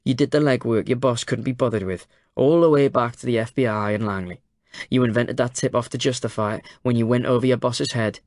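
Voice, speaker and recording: A man voicing a sharp, skeptical male journalist who probes in a sardonic way. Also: medium pitch, steady tone, brisk, dry recording, clean studio sound, close to an everyday voice. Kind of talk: audiobook character voice.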